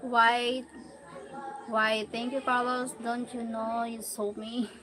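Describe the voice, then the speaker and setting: A woman's voice: a little high, level tone, slow, a crowd in the background. A woman with a Filipino accent chatting casually on a live stream, playful and teasing as she answers viewers' comments. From Philippines. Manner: playful, teasing, mixes Tagalog into English. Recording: clear background noise.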